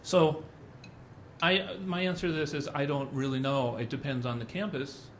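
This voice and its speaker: A man's voice: fairly high pitch, moderate pace, slight background noise. A middle-aged man speaking at a symposium, telling anecdotes in a loose, conversational way. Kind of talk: conference talk.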